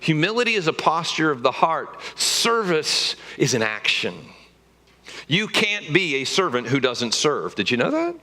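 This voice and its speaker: A pastor delivers a sermon in a church with a bright, forceful voice. He sits a little high for a man and talks to the congregation in a casual, joking way, then pushes hard on the points he wants to land. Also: big pitch swings, a little slow. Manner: conversational, joking preaching with a rising, emphatic delivery.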